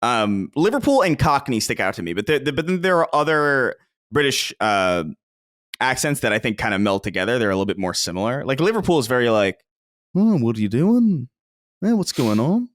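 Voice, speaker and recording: A man's voice: medium pitch, very animated, brisk, a bit bright, no echo, clean studio sound. An American man co-hosting a podcast in casual chat, swearing freely and breaking into jokey impressions. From United States. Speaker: podcast co-host.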